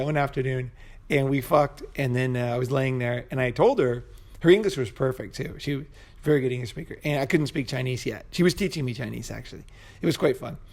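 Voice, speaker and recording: A man with a gravelly, middle-pitched voice talks straight to camera in a loose, profane storytelling way. He rambles and restarts, peppering every thought with "you know" and "right?". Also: darkish tone. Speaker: vlogger. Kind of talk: casual storytelling monologue. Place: Bangkok.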